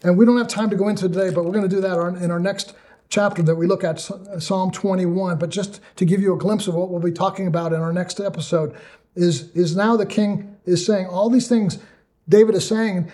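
A man's voice: high voice, steady tone, brisk, mellow. A middle-aged male pastor teaching on prayer and leading a fervent closing prayer in a repetitive cadence.

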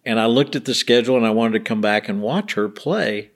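This middle-aged man speaks at medium pitch and a little fast. A bereaved father in a casual interview, he shares earnest stories and performs the voices of those he quotes.

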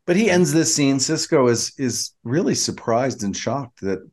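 A man from Georgia co-hosting a podcast, recapping a TV episode in casual chat and quoting characters in a lowered voice. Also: big pitch swings, normal speed, a little mellow. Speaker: podcast co-host.

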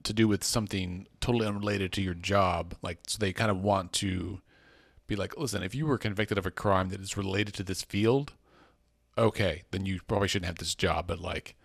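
Deep-voiced casual podcast host, dry sound. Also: male voice, steady tone, fairly quick, gravelly, no room sound. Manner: rambling, self-correcting, joking. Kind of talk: casual policy chat.

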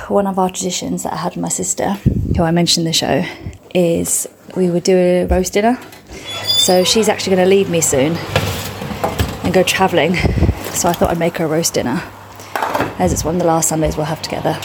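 A woman's voice: on the low side, noisy background. A woman chatty, sweary comedian vlogging. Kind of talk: casual vlog chat. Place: home kitchen and seaside beach.

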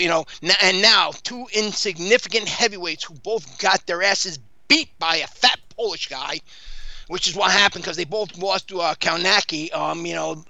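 A man's voice: high voice, vocal fry, pushed and bright, no room sound, rough recording. A man hosting a boxing talk show, rambling casually with many fillers and restarts.

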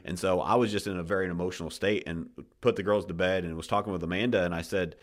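A man's voice: low voice, steady tone, quick pace, few pauses. A man hosting a podcast, talking casually and passionately, swearing often and restarting his sentences, getting emotional as he tells his story. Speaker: podcast host.

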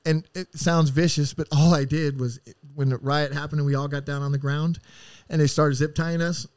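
A man telling rough stories as a podcast guest, casual and full of swearing, rambling and acting out what people said. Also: fairly high pitch, little pitch movement, moderate pace, darkish tone, dry recording, studio quality. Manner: profane, rambling, acts out quotes. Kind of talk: casual storytelling.

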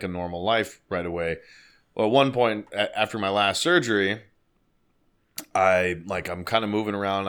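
Animated male guest, profane casual storytelling. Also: low voice, smooth. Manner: profane, animated, laughing as he tells it.

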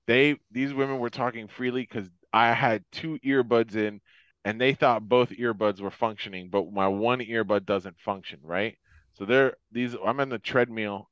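A Floridian man with a lowish, slightly bright voice co-hosts a podcast, chatting casually, rambling, swearing freely and laughing a lot. There's no echo, but the lo-fi sound is dull.

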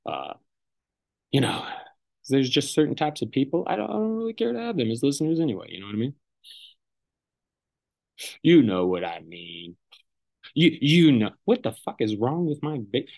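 A man's voice: medium pitch, a little mellow. A man hosting his own podcast, talking alone in a loose, rambling way, swearing freely and often stopping to correct himself. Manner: rambling and profane, self-correcting with many restarts. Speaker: podcast host. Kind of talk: casual solo podcast monologue.

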